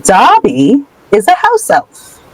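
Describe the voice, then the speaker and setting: Lively, unhurried woman co-host. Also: fairly high pitch, breathy edge, rough recording. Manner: descriptive, unhurried. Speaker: podcast co-host. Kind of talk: casual podcast chat.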